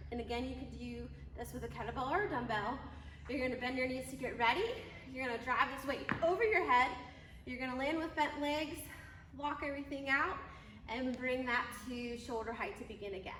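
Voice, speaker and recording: Female fitness coach, clear step-by-step cues while moving, echoey room. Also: sits high, sharp tone, a little hiss or hum. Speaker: fitness trainer. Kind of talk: workout demonstration instructions. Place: gym. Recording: echoey gym, mic at a distance.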